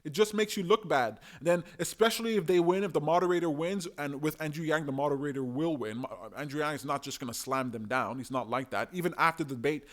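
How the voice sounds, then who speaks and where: A young man talks through his opinions in a casual solo monologue, emphatic and animated, with a fairly high-pitched voice. He sometimes slips into quick impressions of the people he describes. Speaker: political commentator.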